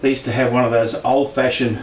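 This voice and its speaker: This middle-aged Australian speaker recounts his paranormal experiences casually, laughing a lot and performing the voices of people he quotes. He speaks fast in a mid-range voice with little pitch movement. Faint noise, a distant mic, and room echo color the recording.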